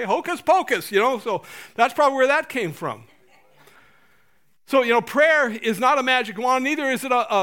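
Male pastor, high bright voice, lively sermon delivery with humor and mock voices. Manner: animated, laughing, acting out prayers in funny voices.

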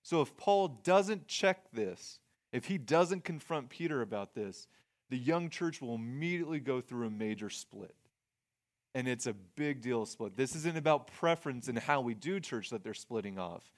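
A man's voice: medium pitch, expressive, normal speed. A man preaching a sermon in a conversational way, reading scripture and explaining it plainly, often restarting his phrases. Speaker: pastor.

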